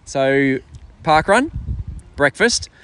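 A man's voice: a little high, very animated, drawn-out words, a bit bright, clear, resonant tone. An Australian man being interviewed outdoors, talking in an upbeat, chatty way. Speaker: interviewed running club founder. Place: outdoors at a park event.

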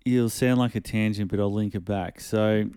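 A man's voice: on the low side, steady tone, moderate pace, mellow, clear, resonant tone, no room sound. A man co-hosting a podcast in casual chat, rambling and swearing freely. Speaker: podcast co-host.

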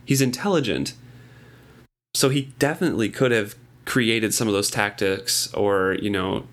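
A man co-hosting a casual book discussion podcast, animated and laughing, with plenty of filler words. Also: on the low side, unhurried. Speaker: podcast co-host.

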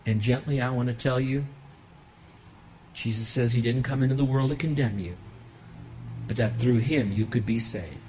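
A pastor preaching a sermon in a church, emphatic and rising into loud bursts, then softening into a quiet prayer. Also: male voice, medium pitch, moderate pace, long pauses, slight background noise, poor audio.

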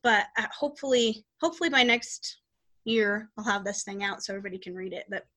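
A woman's voice: medium pitch, fast talker, fairly bright tone, slight background noise. A woman hosting a podcast, chatting casually about her life and her readings in a rambling way with many restarts. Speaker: podcast host and psychic reader.

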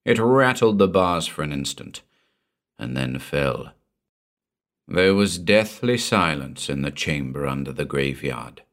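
A male narrator reads a pulp horror tale at a slow, deliberate pace, lingering on each dark detail. His voice is low and deep, and he keeps the suspense with a measured, even delivery. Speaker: audiobook narrator. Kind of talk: dramatic audiobook narration.

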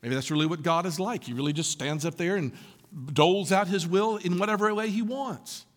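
A man preaching a sermon to a congregation, animated and full of rhetorical questions, often laughing through his lines. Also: sits high, brisk, in a large hall. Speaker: pastor.

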